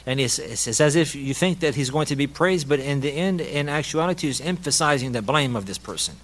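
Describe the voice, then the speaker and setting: Teaching on a hadith and the rhetoric of Arabic, this Islamic teacher speaks in a fairly bright, mid-range male voice. Light laughter, repeated key phrases, and Arabic terminology run through his lesson.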